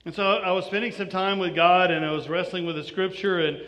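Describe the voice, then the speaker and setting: High-voiced pastor preaching in a hall. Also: male voice, a little fast. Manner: animated storytelling, many restarts. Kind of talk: sermon. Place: church. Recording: reverberant church hall.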